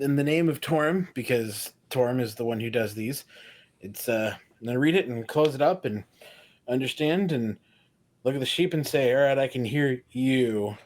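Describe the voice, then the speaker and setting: A man with an ordinary mid-range voice plays in a tabletop game. He narrates his actions haltingly, stumbling and repeating himself. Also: mid-range voice, darkish tone. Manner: hesitant, repeats words. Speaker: player.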